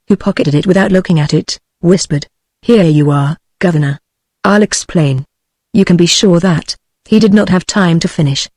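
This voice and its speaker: A woman's synthetic voice with a British English accent, reading a novel aloud in steady, even scripted narration. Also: fairly low pitch, no room sound.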